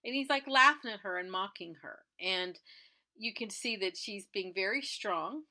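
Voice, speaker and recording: A woman's voice: medium pitch, expressive, normal speed, bright, forceful tone. A woman who resells clothing, chatting through a TV episode recap and acting out the characters' lines as she retells them.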